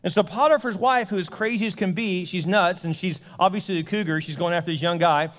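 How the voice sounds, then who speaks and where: A pastor with a high voice tells a story in a loose, joking way and keeps slipping into the characters' voices. His talk rings out with the long reverb of a church hall. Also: quick pace, fairly bright tone. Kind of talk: casual comedic sermon. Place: church sanctuary.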